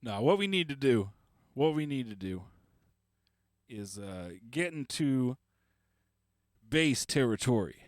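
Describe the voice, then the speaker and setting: Hosting a beatmaking livestream, this man rambles and cracks self-deprecating jokes while he works. His medium-pitched voice swings widely in pitch, and he speaks slowly with frequent pauses.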